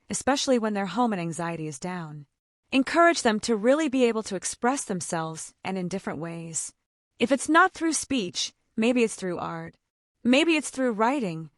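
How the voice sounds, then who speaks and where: With a voice a little on the high side, a mom of autistic children gives chatty, casual advice full of "like," acting out the dialogue she quotes. The recording is studio quality, with no echo.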